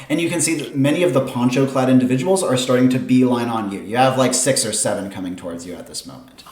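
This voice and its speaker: A man running a tabletop game as its game master, narrating scenes in a steady, descriptive way. His voice sits at a middling pitch. A roomy echo hangs around it. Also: quick pace, hardly any pauses.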